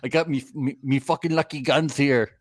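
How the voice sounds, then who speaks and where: A woman's voice: sits low, steady tone, moderate pace, vocal fry, voice pushed up. A man voicing a brash, foul-mouthed woman who puts on an exaggerated fake Irish brogue and swears constantly, in a comedic parody. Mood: gleeful, brash.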